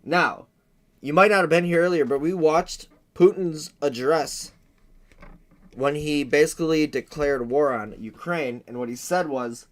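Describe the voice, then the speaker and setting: A man's voice: on the high side, a little slow. A man hosting a livestream, commenting crudely and jokingly on a map. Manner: crude, joking, acts out war noises. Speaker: livestream host.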